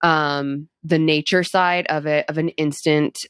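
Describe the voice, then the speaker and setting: A young woman with a low, smooth, clear voice talks as a guest in a casual interview. Her delivery is chatty and upbeat, full of "like" and "um". The sound is close and dry. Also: fairly even intonation, a little slow, no room sound. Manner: chatty, upbeat, heavy use of "like" and "um". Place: cosmetic surgery clinic.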